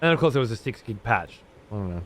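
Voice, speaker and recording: A man's voice: lowish voice, very animated, fast talker. A man streaming a game live, rambling, swearing a lot and chatting to his viewers. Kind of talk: live gameplay commentary.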